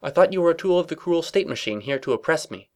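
A man's voice: fairly high pitch, animated, fast, pitched above the performer's own voice, natural voice. A man puts on a raised, dramatic voice for a paranoid young mare pony who sees herself as a revolutionary. She is melodramatic and over the top, as in a storybook reading. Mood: suspicious.

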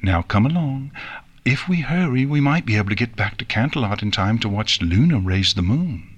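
A man reading an audiobook and voicing a calm, regal female pony princess with soft, measured speech. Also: medium pitch, breathy edge, muffled recording. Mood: reassuring.

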